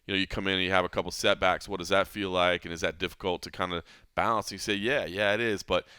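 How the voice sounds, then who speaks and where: A man hosting a fight podcast in casual chat, voice low and bright with a forceful edge. He speaks smoothly and resonantly, earnest and reflective, often restarting his sentences. The sound is dry and close. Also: fairly even intonation, fast, no echo. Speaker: podcast host. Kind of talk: casual MMA podcast talk.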